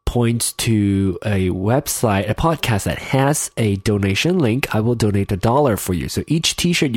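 A man's voice: on the low side, a little mellow, no room sound. A man hosting his own podcast in casual solo talk, his nose stuffed up, rambling and often losing his train of thought. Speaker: podcast host. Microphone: in-ear headphones with mic.

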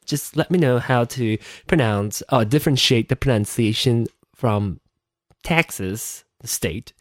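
A man's voice: medium pitch, a little slow, no room sound. A tired man hosting a casual solo podcast, rambling and chatty, poking fun at himself, close to his microphone. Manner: rambling, chatty, self-deprecating, swears offhandedly. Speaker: podcast host. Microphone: close desk microphone.

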